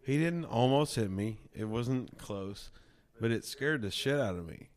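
A man's voice: medium pitch, animated, measured pace. A man, a caddie, telling a story in a laid-back way with plenty of "like" and casual swearing. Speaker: tour caddie, guest.

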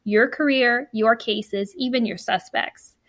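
A woman's voice: on the high side, takes it slowly, fairly bright tone, dry recording. A woman reading out a resentful young college boyfriend's lines from a book, barely changing her own voice. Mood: bitter.

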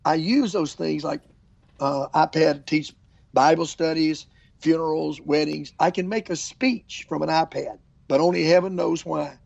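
Gravelly older preacher. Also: male voice, on the high side, dry recording, muffled recording. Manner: animated storyteller, acts out quotes. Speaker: traveling evangelist preacher. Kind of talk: casual storytelling interview.

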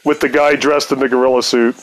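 A man's voice: mid-range voice, steady tone, fast talker. Laid-back, chuckling man telling a story. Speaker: podcast storyteller. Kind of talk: casual storytelling.

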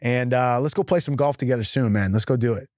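A man's voice: medium pitch, fast talker, a little mellow, no room sound, clean studio sound. A man in his thirties hosting a casual podcast chat, rambling and restarting his sentences. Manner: chatty, rambling with frequent restarts. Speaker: show host.

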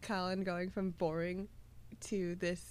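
A woman's voice: on the low side, level tone, slow, a little mellow, smooth. A young woman co-hosting a podcast, chatting casually and gushing with frequent laughs and fillers. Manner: giggly, gushing, lots of fillers. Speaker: podcast co-host. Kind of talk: casual chat.

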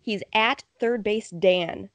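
A woman's voice: mid-range voice, takes it slowly, dry recording. A woman co-hosting a casual sports podcast, chatty and laughing often. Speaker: podcast co-host.

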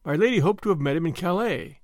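A man doing a blustering English gentleman. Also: high-pitched, animated, quick pace, dry recording, studio quality. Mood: careless. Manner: blustering, feigning carelessness. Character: hot-tempered English nobleman, young man.

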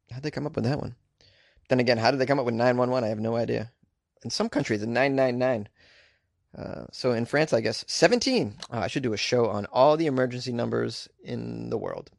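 A man's voice: mid-range voice, brisk, gravelly, no echo, clean studio sound. A man hosting a podcast, giving comedic commentary on odd news with crude, sarcastic riffs and asides. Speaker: podcast host.

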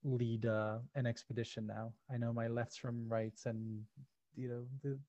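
A man's voice: mid-range voice, little pitch movement, moderate pace, mellow, no room sound. A man co-hosting a podcast in casual chat, rambling with lots of fillers and restarts. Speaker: podcast co-host.

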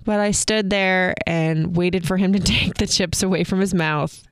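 Candid young woman with a creaky voice. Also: on the low side, steady tone, moderate pace, dry recording, clean studio sound. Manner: candid, many filler likes, laughs while telling. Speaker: podcast co-host. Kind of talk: personal storytelling on a podcast.

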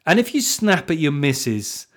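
A man's voice: fairly high pitch, big pitch swings, normal speed, a bit bright. A man hosting a comic podcast on his own, blunt and sweary, who laughs at his own jokes. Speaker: podcast host. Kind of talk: comic solo podcast monologue.

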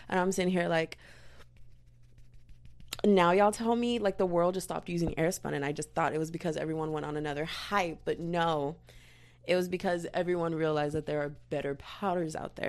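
A woman's voice: on the low side, fairly quick. A young woman filming a casual makeup tutorial in her bedroom, rambling and joking with her viewers about powder, with poor-quality audio. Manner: goofy, rambling, self-mocking, talks to viewers as "y'all" and "girl". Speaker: makeup vlogger.

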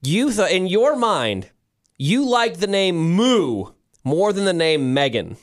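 A man's voice: sits high, very animated, takes it slowly, a little hiss or hum. A man co-hosting a casual chat, teasing the others wryly. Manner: teasing, wry. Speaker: co-host.

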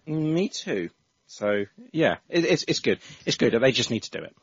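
A man's voice: medium pitch, sing-song, normal speed, slightly rough, no echo, highs cut off. A man hosting a casual football podcast, chatting with frequent restarts. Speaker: podcast host.

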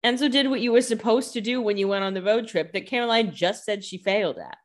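A woman's voice: a little high, quick pace. A woman co-hosting a casual TV recap podcast, making wry, joking asides. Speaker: podcast co-host.

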